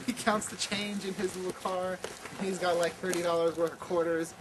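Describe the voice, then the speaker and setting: Animated male campfire storyteller, slightly high voice, loud outdoor noise behind. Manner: animated, repetitive, stammering restarts. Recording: noisy outdoor camp recording.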